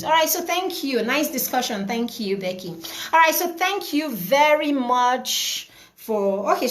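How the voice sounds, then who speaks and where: A woman hosting a live online parenting class over a video call, chatty and warm-voiced, greeting viewers by name and often repeating herself. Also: fairly high pitch.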